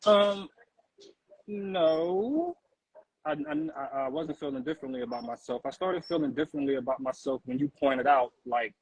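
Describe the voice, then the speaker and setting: A man's voice: on the high side, normal speed, slightly rough, dry recording, poor audio. A man with an American accent, the host's husband, chatting casually on a live stream in a laid-back way with many fillers. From United States. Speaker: guest, husband of the host.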